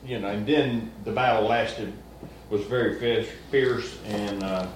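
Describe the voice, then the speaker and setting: Low-ish guy in a bible study chat, kinda hesitant, echoey room. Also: steady tone, a little slow. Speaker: discussion partner. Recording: echoey room with faint background noise.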